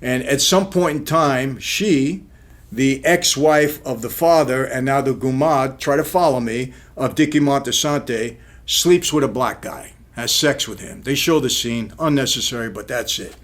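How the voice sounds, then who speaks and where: A man's voice: mid-range voice, a little slow, a bit bright. A man giving an indignant, casual commentary on a film, firing off rhetorical questions. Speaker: film reviewer, former mob figure.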